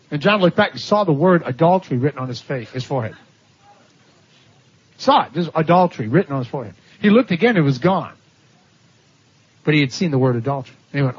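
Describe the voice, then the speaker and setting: The sermon comes through a dull, low-fidelity recording: a man whose fairly high voice is slightly rough tells animated stories, laughing and mimicking the people he describes.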